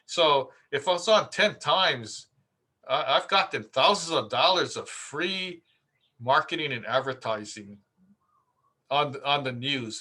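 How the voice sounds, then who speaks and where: A man's voice: mid-range voice, sharp tone. A man, a contractor, giving casual marketing advice through stories, chatty with many fillers and repeats. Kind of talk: casual anecdotal talk.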